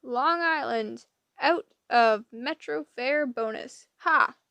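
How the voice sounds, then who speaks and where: A woman's voice: sits high, takes it slowly, creaky, a bit bright, no echo, full character voice. A woman voicing a blind old gray sister who drives a cab, screeching and complaining. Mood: cranky.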